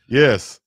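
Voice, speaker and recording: A man co-hosting a casual sports talk show, animated and quick to laugh, often jumping into high voices for effect. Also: dry recording, clean studio sound. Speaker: co-host.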